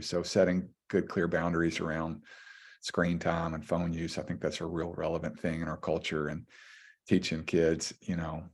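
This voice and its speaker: A man in his forties speaks with a very low voice in an earnest, heartfelt way. He often restarts his sentences while he shares thoughts as a podcast guest. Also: darkish tone. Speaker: podcast guest, former pitcher and high school coach. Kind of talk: casual conversation.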